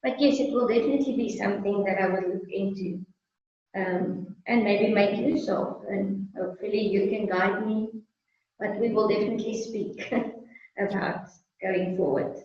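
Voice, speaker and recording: A woman's voice: mid-range voice, steady tone, normal speed, a little mellow. A South African woman talking as a guest business owner in a friendly, casual interview, laughing often. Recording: echoey, distant, muffled sound.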